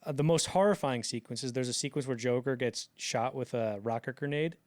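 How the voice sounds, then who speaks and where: A young man co-hosting a podcast in casual chat, talking animatedly and jumping into loud acted-out quotes. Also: medium pitch, fairly quick. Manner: animated, acts out quotes in bursts, many fillers. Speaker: podcast co-host.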